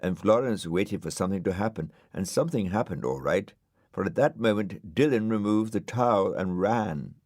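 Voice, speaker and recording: Male audiobook narrator, low voice, lively melody, droll, close studio mic. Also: normal speed, dry recording. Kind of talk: scripted storybook narration.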